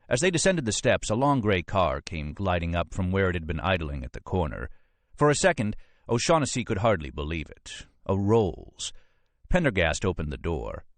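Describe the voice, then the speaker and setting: A man narrating an audiobook in a measured storytelling manner. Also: low-pitched, no room sound. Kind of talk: scripted narration.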